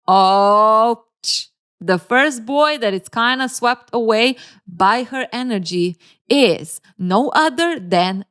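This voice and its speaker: A woman hosting casual relationship commentary, speaking at a medium pitch. She teases and jokes sarcastically and laughs often. Her delivery is animated and full of playful asides.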